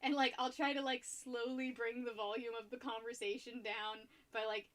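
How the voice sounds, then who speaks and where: Young woman streaming, high-ish voice, rambly casual chat, laughs a lot, gets loud when hyped. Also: level tone, moderate pace. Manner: chatty, laughs often, rambling. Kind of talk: casual chat while painting.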